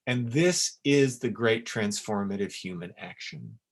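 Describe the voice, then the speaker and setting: A man teaching in a webinar, in an earnest and emphatic way, with sudden lively jumps in pitch. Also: measured pace, gravelly. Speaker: essence maker teaching a webinar. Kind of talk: webinar talk. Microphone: webinar recording.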